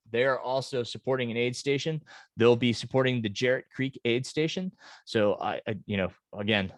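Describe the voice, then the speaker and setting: A man, a race director, talking casually on a podcast, earnest and grateful, halting with many fillers and restarts. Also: fairly low pitch, no room sound, studio quality.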